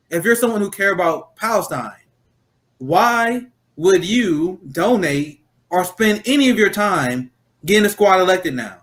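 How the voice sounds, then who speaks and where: A man's voice: sits high, bright, forceful tone. A man with a Midwestern accent hosting a casual political roundtable, blunt and profane, rambling with restarts. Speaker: roundtable host.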